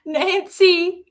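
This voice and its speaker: A woman with an Australian accent chatting casually on a livestream, reading out viewer comments between giggly, rambling asides. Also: very high voice. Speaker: livestream host reading chat.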